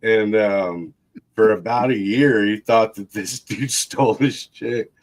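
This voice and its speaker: Casual male storyteller, low-pitched, loose and laughing, swears freely. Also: slow pace. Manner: rambling, laughing, swearing, acts out voices. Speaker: livestream guest.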